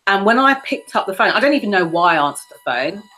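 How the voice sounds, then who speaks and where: A woman's voice: mid-range voice, sing-song, fast talker, pushed and bright, poor audio. A woman hosting a podcast interview, telling a personal story in a reflective, conversational way. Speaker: podcast host.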